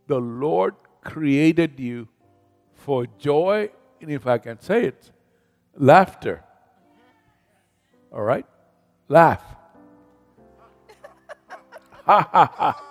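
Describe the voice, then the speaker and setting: Male pastor, slow emphatic sermon, call-and-response, echoing hall, faint music behind. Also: medium pitch, darkish tone. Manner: preaching with call-and-response to the congregation; slow, emphatic delivery with rising volume on scripture. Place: church sanctuary.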